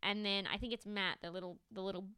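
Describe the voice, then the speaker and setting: A woman co-hosting a casual podcast, recapping a show in lively chat and acting out quoted lines, swearing freely. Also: medium pitch, fast talker, clear, resonant tone, dry recording.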